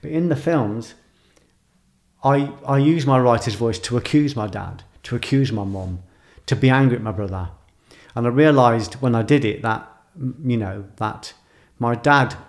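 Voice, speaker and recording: Man, mid pitch, emotional, intense, repetitive emphasis, personal monologue. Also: a little slow. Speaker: writer and filmmaker.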